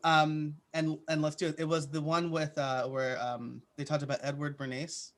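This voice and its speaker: A man's voice: a little high, little pitch movement, moderate pace. A man answering interview questions in a casual, chatty way, with plenty of "uh" and "like" fillers. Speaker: podcaster guest.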